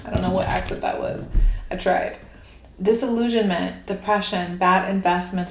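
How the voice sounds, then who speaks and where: A woman giving a casual, rambling tarot reading, animated and laughing often. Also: lowish voice, moderate pace. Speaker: tarot reader. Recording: echoey room with faint hiss.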